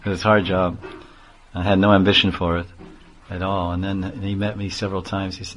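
A man's voice: low voice, flat delivery, normal speed, pauses often, a bit bright, slight background noise. A man, a spiritual teacher, giving a chatty sermon full of stories and laughter. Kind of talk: sermon with storytelling.

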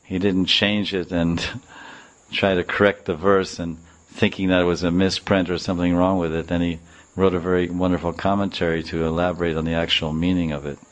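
A man's voice: low-pitched, flat delivery, fairly quick. A man telling a devotional story in a rambling way, restarting and repeating phrases.

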